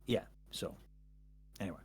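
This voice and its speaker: A man's voice: moderate pace, a little mellow. A man chatting casually as a guest, rambling and self-interrupting with jokes. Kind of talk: casual chat.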